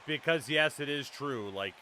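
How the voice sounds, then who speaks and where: A man streaming a baseball video game, chatting casually with wry, profane remarks and sudden loud cheers. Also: medium pitch, moderate pace, slight background noise. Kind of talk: casual gaming chat.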